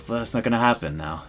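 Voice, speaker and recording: A man with a fairly low voice talks through his feelings in a loose, rambling stream of thought. He restarts his sentences often and gets tearful in places. Faint music plays quietly behind him. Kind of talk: casual rambling commentary.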